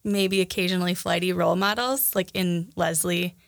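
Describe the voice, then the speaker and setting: A woman's voice: on the low side, fairly even intonation, moderate pace, gravelly, no room sound, clean studio sound. A young adult woman with a Minnesota accent, co-hosting a podcast in casual chat, talking loosely with many fillers and restarts. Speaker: podcast co-host.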